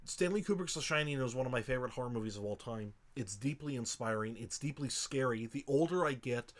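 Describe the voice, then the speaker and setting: A man talking on a podcast in a loose, rambling way, cursing freely as he gets carried away. His voice sits at an ordinary male pitch, and feeling often breaks into his speech. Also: fast talker. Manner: passionate, rambling, heavy swearing; emotional, chokes up. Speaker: podcast co-host. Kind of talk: casual podcast movie review.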